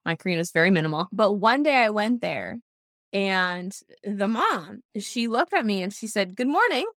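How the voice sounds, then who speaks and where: A woman's voice: mid-range voice, animated, normal speed, fairly bright tone, no echo, studio quality. A woman co-hosting a podcast, effusive and gushing as she tells a story in casual chat.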